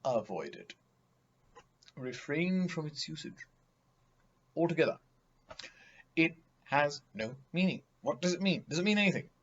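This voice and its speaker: A man's voice: fairly high pitch, big pitch swings, measured pace, pauses often, fairly bright tone, highs cut off. A man giving a vocabulary lesson, speaking emphatically and theatrically, mocking vague words with acted examples. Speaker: teacher.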